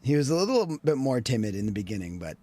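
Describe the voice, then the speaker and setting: A man's voice: medium pitch, sing-song, quick pace, mellow. A man live streaming, chatting casually with viewers and laughing easily. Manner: laid-back, chatty, laughs often. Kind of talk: casual stream chat and reactions.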